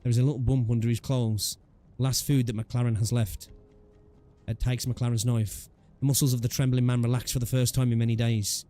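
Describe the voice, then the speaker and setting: A man reads a game's story aloud for his channel at a middle pitch. His delivery is straightforward, with casual jokes and asides dropped between lines. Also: level tone, a little fast, warm tone. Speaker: gaming YouTuber. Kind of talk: reading a game story aloud.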